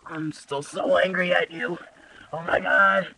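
A man's voice: sits high, fairly even intonation, measured pace, creaky, bright, forceful tone, heavily acted, low-quality recording. A man voicing a goofy, easily upset male movie star in an improvised comic voice-over, with whiny, exaggerated complaints. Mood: annoyed.

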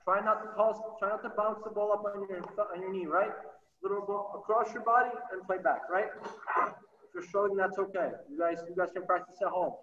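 A man coaching youth soccer over a video call, energetic and encouraging, calling out short repeated cues. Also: high voice, brisk. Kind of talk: virtual training session coaching. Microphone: computer mic on a video call. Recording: roomy, distant, dull sound.

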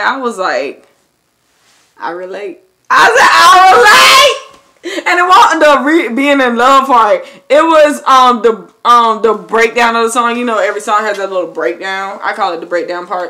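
A young woman chatting casually to her viewers in a vlog, addressing them as "y'all" and bursting into loud, excited exclamations. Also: on the high side, a little fast, hardly any pauses. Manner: animated, swings into loud excited shouts and laughs; talks straight to viewers with lots of "y'all". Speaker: YouTuber.

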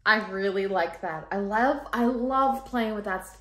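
A woman from Canada in her thirties talks to her viewers in a loose, rambling home vlog. Her voice sits at an ordinary middle pitch, and she laughs easily and fills her sentences with "like.". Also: a little slow, fairly bright tone. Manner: chatty, rambling, laughs often, many likes. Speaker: vlogger, mom. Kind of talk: casual weekly vlog chat.

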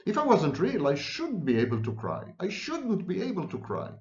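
A man's voice: high voice, wildly swooping pitch, normal speed, darkish tone, voice pushed up, exaggerated voice. A man reading aloud and voicing a timid, thoughtful little girl who pleads earnestly, recorded in a roomy space with dull sound.

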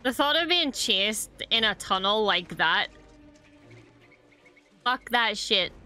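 A woman's voice: mid-range voice, animated, takes it slowly, sharp tone, clear, resonant tone. A young woman hosting a reaction video, chatting casually and expressively, swearing often and gushing over what she watches.

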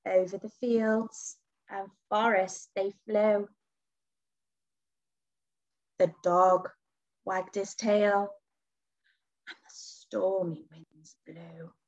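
Teacher lady reading a picture book to kids, super slow, dull lo-fi sound. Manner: expressive, with big pitch jumps on key words. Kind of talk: picture book read-aloud to children.

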